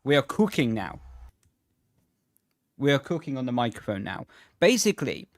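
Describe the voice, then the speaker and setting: A man's voice: medium pitch, sing-song, normal speed, dry recording. A man talks casually into a desk microphone while streaming a racing game from his home setup. He chats easily with viewers, greeting them by name and correcting himself mid-sentence. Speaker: game streamer and sim racer. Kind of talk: casual livestream chat while gaming. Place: home sim racing rig. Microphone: desk microphone on a stand.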